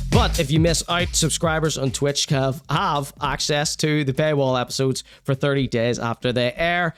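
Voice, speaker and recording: A man hosting his podcast, introducing segments and plugging memberships in a jokey, upbeat way. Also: a little high. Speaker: podcast host. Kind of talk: show intro and links.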